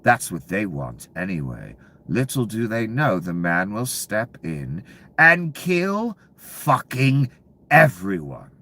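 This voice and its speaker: A man delivering a profane, angry political rant to viewers, dropping to low mutters and then bursting out loud. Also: sing-song, slow. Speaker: commentary channel host.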